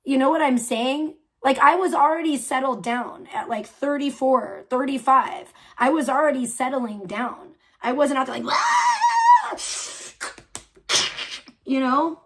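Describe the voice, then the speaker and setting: A woman hosting a livestream, ranting loudly and scornfully with heavy swearing. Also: high-pitched. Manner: loud, profane, scornful ranting. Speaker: livestream host. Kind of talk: profane livestream rant.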